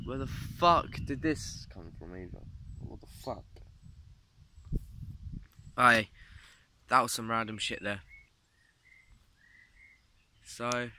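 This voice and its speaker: A young male vlogger records himself on a phone outdoors in woods and fields, rambling casually in a lowish voice against a noisy background. He swears constantly and keeps saying "mate" and "literally."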